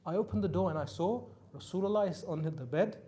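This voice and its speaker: A man preaching a Muharram sermon, telling stories with emphatic peaks that drop to soft, quiet lines. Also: high voice, fairly quick. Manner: storytelling, rising to emphatic peaks then dropping soft. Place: mosque hall.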